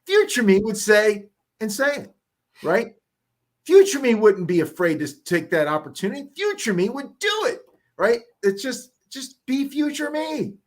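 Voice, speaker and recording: A man speaking as a podcast guest, telling stories in an energetic, emphatic motivational style. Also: high-pitched, measured pace. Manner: energetic, emphatic, acts out voices. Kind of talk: motivational storytelling.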